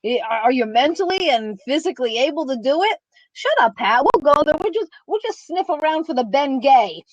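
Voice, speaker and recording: A woman's voice: sits high, lively intonation, fairly quick, dry recording. A woman guest on a podcast, chatting in a jokey, teasing way and laughing often. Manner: jokey, laughs often, does comic voices. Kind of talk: casual chat. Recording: dull lo-fi sound.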